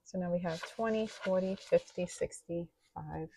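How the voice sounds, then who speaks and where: A woman's voice: on the low side, moderate pace, mellow, slight background noise. A woman vlogger chatting casually while counting cash into budget envelopes aloud, sometimes dropping to a near-whisper.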